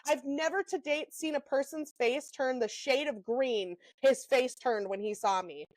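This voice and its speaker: Young woman podcaster, high voice, dry close mic, rambling animated storytelling. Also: no room sound, rough recording. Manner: animated storyteller, lots of "um" and "like", quick asides. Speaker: podcast co-host. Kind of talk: casual storytelling chat.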